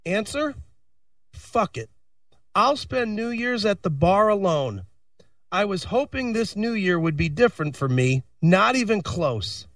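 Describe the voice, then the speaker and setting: A man's voice: high-pitched, very animated, unhurried, no echo, studio quality, far from the mic. A man co-hosting a casual radio talk show, recounting a personal story with swearing, just getting over an illness. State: recovering from illness. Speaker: co-host.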